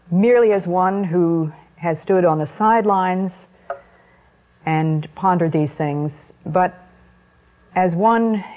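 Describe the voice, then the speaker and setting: A woman preaching an evening sermon talk in a slow, deliberate manner, with weighty pauses between phrases. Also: lowish voice, warm tone. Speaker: Christian speaker. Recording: muffled lo-fi recording.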